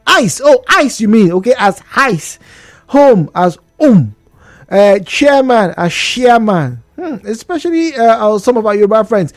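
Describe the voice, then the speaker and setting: Lively Nigerian male radio host. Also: high-pitched, normal speed, few pauses, dry recording, studio quality. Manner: chatty, rhetorical questions, laughs between points. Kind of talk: call-in radio talk. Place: radio studio. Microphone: studio microphone.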